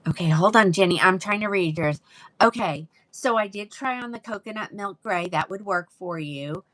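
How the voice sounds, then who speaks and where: A woman's voice: medium pitch, normal speed, fairly bright tone. A woman hosting a live wig sale, chatting casually and greeting viewers by name. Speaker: live-selling wig seller. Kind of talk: casual livestream sales chat.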